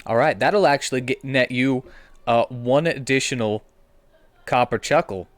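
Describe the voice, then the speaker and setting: A man narrating as game master of a comedic tabletop game, playful and animated. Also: medium pitch, normal speed, no echo.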